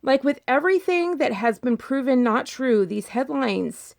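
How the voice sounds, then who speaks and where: Unhurried and creaky-voiced with lively intonation, this female vlogger talks through casual commentary. She hammers her points home by repeating them and throwing out rhetorical questions, and her pitch leaps up whenever she gets emphatic.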